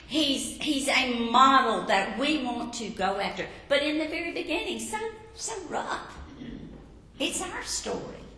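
A woman with a highish, gravelly voice teaches a sermon, warmly telling Bible stories and putting questions to her listeners. The recording comes from an echoey hall with long reverb and has a little hiss or hum.

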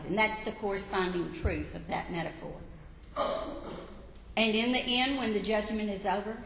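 A woman preaching a sermon, emphatic, rising to loud peaks and telling listeners to write points down. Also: medium pitch, a little hiss or hum. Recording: echoey hall with long reverb.

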